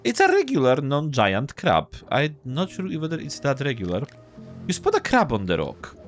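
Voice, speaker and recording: A man streaming gameplay offers casual let's-play commentary on a role-playing game, thinking aloud and reading game text. His medium-pitched voice swings hugely in pitch at normal speed, over soft background music.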